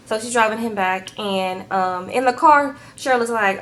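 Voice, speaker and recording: A woman's voice: a little high, moderate pace, hardly any pauses, a bit bright, slight background noise, rough recording. A woman recapping a reality show in a casual vlog, sassy and chatty, tagging her lines with "okay?" and "girl".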